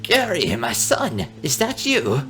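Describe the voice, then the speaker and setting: A man's voice: sits high, wildly swooping pitch, slow pace, fairly bright tone, faint music behind, pitched above the performer's own voice, exaggerated voice. A man voicing a blind, cranky old man in a wheelchair who growls insults at his son in a scratchy voice. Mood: questioning.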